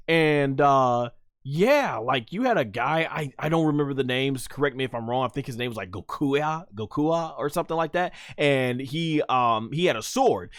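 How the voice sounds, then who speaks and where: Excitable man streaming about games. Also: fairly high pitch, no room sound, studio quality. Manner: animated, rambling, many fillers and restarts. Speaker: gaming streamer. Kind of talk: excited casual commentary.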